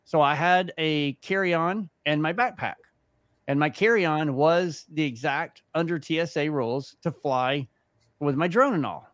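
A podcast co-host with a fairly high-pitched voice tells a story in casual chat, animatedly acting out other people's lines. He speaks at a measured pace, in clean studio sound without echo.

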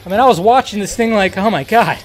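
A man hosting a casual film-news livestream, talking in an animated, swearing, excitable way. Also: high voice, quick pace. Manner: animated, swears often, loud bursts. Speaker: host.

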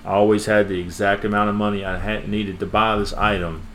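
A man's voice: fairly low pitch, level tone, brisk, fairly bright tone, slight background noise. A man chatting casually on a podcast, rambling through jokes and acting out the lines. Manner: rambling storyteller, retells jokes with quoted voices. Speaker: podcast co-host. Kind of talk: casual joke-telling chat.

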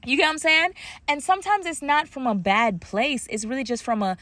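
This solo podcast host is a woman with an African American English accent and a high, sharp voice that swings widely in pitch and moves fairly quickly. The recording is dry, and she speaks casually and animatedly, doing playful voices for quotes.

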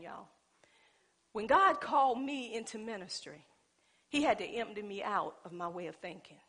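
A woman's voice: fairly high pitch, sharp tone, breathy edge. A woman pastor preaching a sermon in a colloquial style. She calls out to the congregation and acts out little scenes from her own life.

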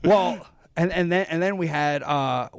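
A man's voice: a little high, a little slow, clear, resonant tone. A man co-hosting a podcast, bantering and joking in casual chat. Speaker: podcast co-host.

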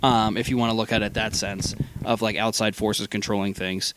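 A man co-hosting a casual film review, retelling scenes with lots of fillers and quick acted-out quotes. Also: on the low side, flat delivery, noisy background. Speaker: podcast co-host.

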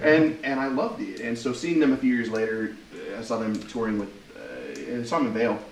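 A man's voice: medium pitch, animated, a little fast. A middle-aged man co-hosting a podcast, telling rambling stories in casual chat and swearing a lot. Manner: rambling storyteller, swears often. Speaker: podcast co-host. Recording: roomy, distant mic with faint hiss.

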